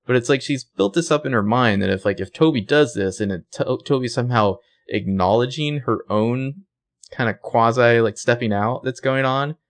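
A man's voice: mid-range voice, normal speed. A young man co-hosting a casual chat, retelling a TV episode by acting out the characters' lines. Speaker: podcast co-host recapping a TV show.

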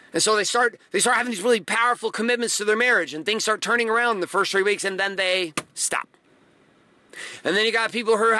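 Male motivational host, high bright voice, dry close sound, profane and emphatic. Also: dry recording. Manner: blunt, profane, repeats phrases for emphasis; acts out quoted voices.

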